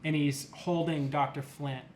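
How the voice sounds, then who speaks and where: A man's voice: on the high side, little pitch movement, a little slow, a little mellow, a little hiss or hum. A young man narrating a tabletop game as game master, hesitant with many fillers and restarts.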